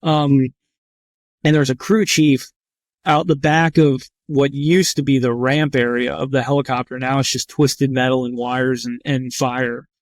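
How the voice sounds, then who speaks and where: A man's voice: medium pitch, flat delivery, measured pace, dry recording. A man who is a trauma surgeon, telling a story in a candid, rambling and profane way, full of "like" fillers. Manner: vivid, tense recounting. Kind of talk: candid first-person storytelling.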